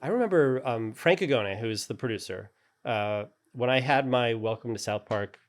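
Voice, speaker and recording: A man's voice: mid-range voice, lively intonation, moderate pace. A man telling stories in a casual interview, rambling and laughing often. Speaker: character animator guest.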